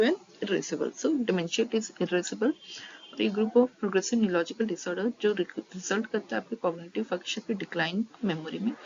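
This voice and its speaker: A woman teaches a nursing lecture, reading her notes at an even pace and then switching to rapid Hindi-English explanations. Her voice sits at a middle pitch. The audio is slightly dull, with a faint hiss underneath. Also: vocal fry. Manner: reads terms steadily, then re-explains them quickly in Hindi-English mix.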